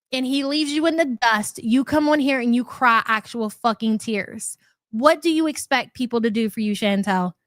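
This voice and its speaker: A woman with a fairly high voice hosts a chatty livestream, sarcastic and scornful, breaking off to greet viewers by name. The sound is close and dry, with no room behind her. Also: a bit bright, no echo. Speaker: livestream commentary host. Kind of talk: casual livestream commentary.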